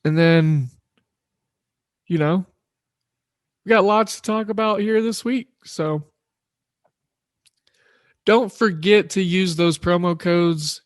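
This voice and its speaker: A man with a slightly higher voice runs a solo sports betting podcast, chatting loosely and poking fun at himself. His delivery rambles in a relaxed way. The recording is close and dry, with no room sound. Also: takes it slowly, long pauses, dry recording. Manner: loose, rambling, self-deprecating. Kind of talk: casual solo podcast talk.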